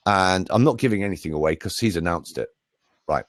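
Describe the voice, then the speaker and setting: A man's voice: sits low, brisk, no echo, studio quality. A middle-aged British man, a voice coach, chatting in a jokey, show-off way. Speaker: voice coach and speaker. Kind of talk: casual live chat.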